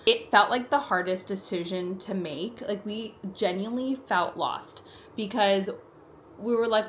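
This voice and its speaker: A woman's voice: mid-range voice, unhurried, fairly bright tone, slight background noise. A young adult woman vlogger telling a personal story in casual chat while doing her makeup, talking in a chatty way with frequent "like" fillers, at home in her apartment.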